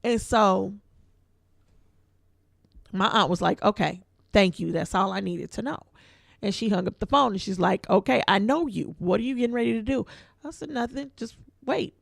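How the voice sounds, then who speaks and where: A woman's voice: medium pitch, normal speed, gravelly, pauses often, dry recording, clean studio sound. A woman co-hosting a podcast, telling a story in casual, colloquial speech and acting out the voices of the people in it. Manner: animated storyteller who acts out quoted voices. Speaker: podcast co-host.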